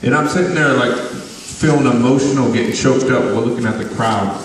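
A man's voice: mid-range voice, fairly quick, distant mic, slight background noise. A man giving a loose, rambling testimony in an interview, laughing often, recorded from afar in a large hall. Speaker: guest musician.

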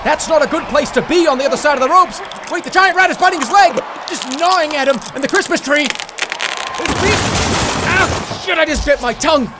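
High-voiced man shouting mock play-by-play. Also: brisk, very noisy. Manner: excited, shouting announcer delivery. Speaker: streamer. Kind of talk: mock sports commentary.

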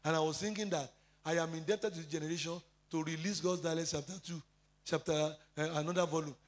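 Casting note: male pastor, high-pitched, preaching from scripture with personal stories. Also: steady tone, fast. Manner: preaching with scripture citations and personal testimony, frequent fillers. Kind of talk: sermon.

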